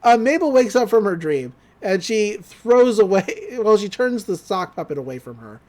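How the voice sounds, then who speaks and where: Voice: mid-range voice, moderate pace. Laughing podcaster recapping a cartoon. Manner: animated retelling with frequent laughs. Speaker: podcast host. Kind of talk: casual episode recap.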